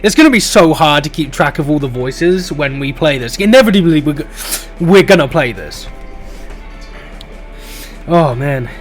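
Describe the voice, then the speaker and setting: A man reading a comedy game aloud, animated and giggly, cursing casually between lines. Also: fairly high pitch, normal speed, soft background music. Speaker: game streamer voicing all characters. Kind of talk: reading a visual novel aloud with laughs and asides.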